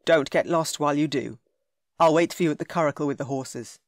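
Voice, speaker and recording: A woman voicing a stern, grouchy young gentleman duke in an audiobook, speaking low and firm. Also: a little fast, natural voice. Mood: gruff.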